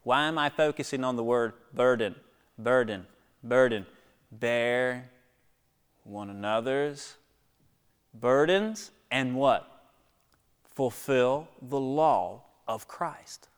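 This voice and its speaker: A man's voice: slow, pauses often, clear, resonant tone. Preaching man in an echoing hall. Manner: swings from hushed near-whispers to loud, high exhortations; rhetorical questions and calls to the congregation. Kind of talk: sermon. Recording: long echo of a large hall.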